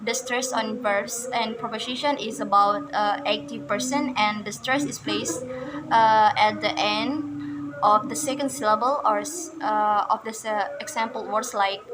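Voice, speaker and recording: A young woman student, slowly presenting a class video on word stress, with many fillers and self-corrections. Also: a little high, over music, low-quality recording. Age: young adult. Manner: reads word lists aloud, stressing each word.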